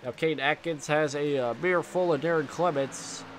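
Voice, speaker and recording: A man's voice: on the high side, moderate pace. A young man with a stuffy, congested voice doing play-by-play commentary of a sim race, rambling with fillers and restarts and jumping up at the close moments. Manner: rambling with fillers and restarts, excited bursts at contact. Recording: faint engine noise behind.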